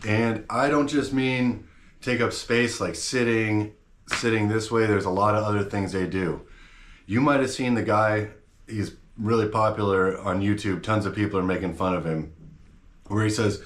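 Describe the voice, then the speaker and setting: A man's voice: on the low side, normal speed, reverberant. A man hosting his own channel, talking straight to camera in a blunt, slangy, fired-up rant. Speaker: channel host.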